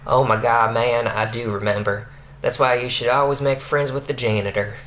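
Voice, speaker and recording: A man's voice: mid-range voice, steady tone, normal speed, a bit bright, a little hiss or hum, close to an everyday voice. A man reading the part of a laid-back teenage boy with dreads aloud from a fan fiction, in a casual, unpolished way. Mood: nostalgic.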